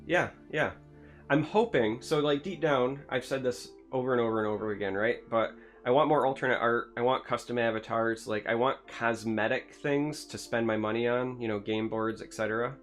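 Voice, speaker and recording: A man's voice: medium pitch, normal speed, faint music behind. A man hosting a casual gaming podcast, enthusiastic and rambling, with lots of "like" and "um". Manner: enthusiastic, rambling, many fillers like "like" and "um". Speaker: podcast host.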